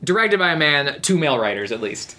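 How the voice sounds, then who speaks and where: A woman's voice: low voice, fairly quick. A woman co-hosting a podcast, chatting casually through a movie recap and acting out quoted lines. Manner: animated, acts out quoted lines. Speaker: podcast co-host.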